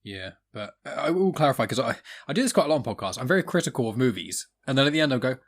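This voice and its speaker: Fast-talking man, chatty. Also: mid-range voice, sing-song. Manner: chatty, enthusiastic, laughs often. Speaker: podcast guest. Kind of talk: casual chat.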